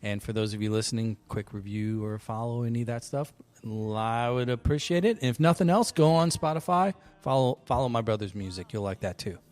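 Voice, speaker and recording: Guy hosting a podcast, mid-pitched voice, laid back storyteller who laughs a lot. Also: a little fast, few pauses. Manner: animated storyteller, laughs often. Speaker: podcast host. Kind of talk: casual chat.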